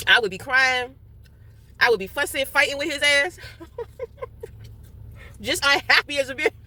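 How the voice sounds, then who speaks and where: A young woman speaks straight to her audience in a loose, unscripted monologue, swearing freely and breaking into laughter often. Her voice sits a little high and rings bright and sharp. Now and then she talks around a mouthful of food. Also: animated, normal speed, pauses often, a little hiss or hum. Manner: candid, profane, laughs often; talking while eating and drinking. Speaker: vlogger. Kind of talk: casual monologue.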